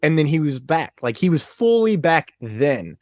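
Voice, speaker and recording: A man guest on a podcast, chatting casually and retelling scenes in an excitable, animated way. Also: a little high, normal speed, no room sound, studio quality. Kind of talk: casual chat.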